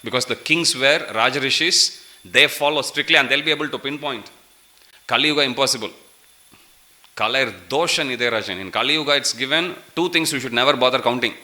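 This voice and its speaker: Bright-voiced man preaching with laughter. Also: medium pitch, brisk. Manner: lively storytelling with laughs and questions to the audience. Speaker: preacher giving a scripture class. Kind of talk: sermon. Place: temple hall.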